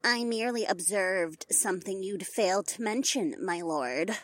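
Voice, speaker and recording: A prim and jealous noble lady speaks in a huffy, clipped way, as a man reading the story puts her on. Her voice is pitched high, a little breathy and swings widely. The sound is close and dry. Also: animated, moderate pace, fairly bright tone, no echo.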